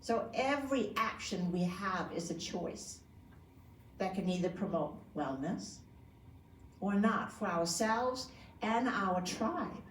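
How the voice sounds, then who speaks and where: A woman's voice: medium pitch, expressive, slow, slight background noise. Woman teaching yoga in an echoey room. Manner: conversational, asks the audience questions. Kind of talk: informal talk to a group. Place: community room. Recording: echoey room from a distant mic.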